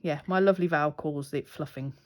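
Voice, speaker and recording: A woman's voice: low-pitched, fairly quick, darkish tone. A woman from the UK chatting and laughing with a client while doing her nails. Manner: chatty, giggly, puts on silly voices in stories. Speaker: nail artist. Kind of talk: casual chat while working.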